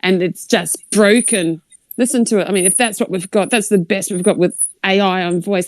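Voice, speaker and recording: A woman's voice: mid-range voice, steady tone, normal speed, no echo, studio quality. A woman co-hosting a live stream, teasing her partner with giggles, chants and playful sound effects. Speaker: stream co-host.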